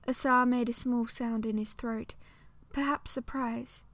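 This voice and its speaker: A woman narrating an audiobook story in a soft, intimate way, often dropping to a whisper. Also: fairly high pitch, steady tone, a little slow, no echo.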